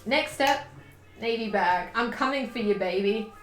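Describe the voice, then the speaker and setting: A young woman with a slightly high voice chats on a live stream, gushing and swearing casually as she shows off her sewing. Her voice bounces around an echoey room. Faint music plays underneath. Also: a little slow.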